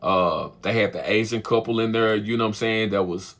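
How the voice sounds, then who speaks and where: A man giving a casual, chatty spoken review of a film, animated and often laughing, with frequent asides to his listeners. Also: lowish voice, fairly quick. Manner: chatty and animated, laughs often, keeps asking "you know what I'm saying". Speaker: movie reviewer, channel host.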